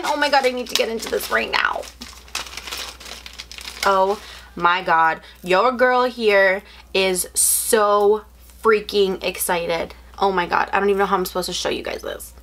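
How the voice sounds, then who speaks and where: A woman's voice: mid-range voice, a little slow, fairly bright tone. A young woman from outside the US doing a casual unboxing video, gushing, gasping and squealing over each item. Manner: gushing, gasps and squeals often. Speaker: unboxing vlogger. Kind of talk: excited casual unboxing chat.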